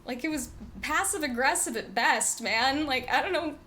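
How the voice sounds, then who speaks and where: A woman's voice: high-pitched, normal speed, sharp tone. A woman streaming a video game, chatting casually and with exasperation, swearing often. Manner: exasperated, swearing, frequent laughs.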